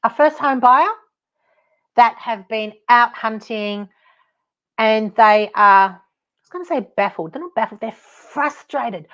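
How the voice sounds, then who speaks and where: A woman's voice: a little high, a bit bright, highs cut off. A woman with an Australian accent hosting her own podcast as a buyer's advocate, talking in a blunt, chatty way and laughing at her own stories. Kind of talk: casual solo podcast talk.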